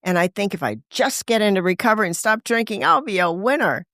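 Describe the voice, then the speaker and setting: A woman's voice: medium pitch, expressive, fast, fairly bright tone, no echo, clean studio sound. A woman, a podcast guest, telling her recovery story in candid conversation, acting out quoted voices and laughing often.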